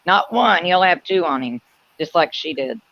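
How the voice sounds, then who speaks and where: A woman's voice: fairly low pitch, expressive, normal speed, no echo. A woman in casual chat who agrees often and laughs easily. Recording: muffled lo-fi audio.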